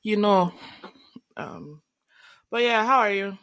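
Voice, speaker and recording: A young woman co-hosts a podcast in easy, casual conversation. Her delivery is bubbly and full of quick asides. Her voice sits in a middle range. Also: mid-range voice, expressive, a bit bright. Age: young adult. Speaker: podcast co-host. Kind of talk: casual chat.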